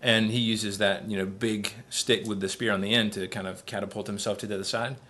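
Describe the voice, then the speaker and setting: A man in easygoing podcast conversation, rambling and jokey. His voice sits fairly low but has a bright, forward edge. He slips into goofy impressions between his trivia. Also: little pitch movement, fairly quick. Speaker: podcast host. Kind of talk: casual podcast chat.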